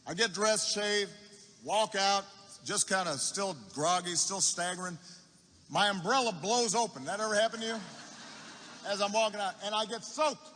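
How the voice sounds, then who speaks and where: A man speaking at a campaign rally, telling a story slowly, repeating words for effect and restarting mid-phrase. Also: sits high, pushed and bright. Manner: unhurried anecdote with repetition for effect and halting restarts. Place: large university arena. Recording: echoey arena with long reverb.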